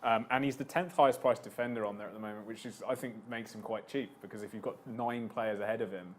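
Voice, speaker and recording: A lower-voiced man on a casual sports panel talks fast through his picks, piling on numbers and prices. A faint hiss of background noise sits behind him. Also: steady tone. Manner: quick, stat-heavy talker.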